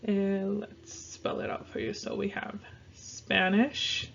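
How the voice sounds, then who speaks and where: A woman teaches a casual online language lesson at an unhurried pace, repeating each word several times so learners can practice. Her voice has a gravelly, creaky edge. The recording sounds dull and lo-fi. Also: medium pitch, flat delivery, a bit bright, a little hiss or hum. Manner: slow, repeats words for pronunciation practice. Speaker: Spanish teacher.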